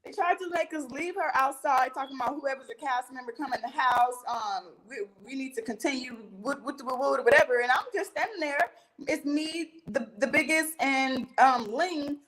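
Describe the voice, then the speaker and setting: This young woman, whose voice is notably high, is a guest in an interview, narrating a heated fight in relaxed, casual speech. She's lively, interrupts others, and curses freely. Audio is poor, and she talks at a normal speed.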